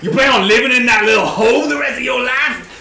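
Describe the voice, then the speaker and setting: A man voicing a gruff male adventurer who taunts and shouts at a foe. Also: extremely high pitch, fast, reverberant, over a noisy crowd, pitched above the performer's own voice. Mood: taunting.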